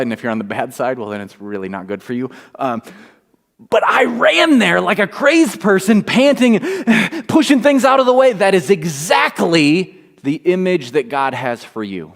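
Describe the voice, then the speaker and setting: Animated man preaching in a reverberant space. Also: medium pitch. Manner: animated, swinging from quiet to near-shouting. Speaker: pastor. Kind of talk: sermon. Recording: long reverb.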